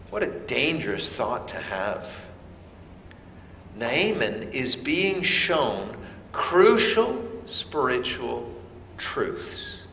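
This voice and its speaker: Slow, emphatic male preacher. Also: medium pitch, sharp tone, roomy sound, in a large hall, a little hiss or hum. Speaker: pastor. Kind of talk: sermon.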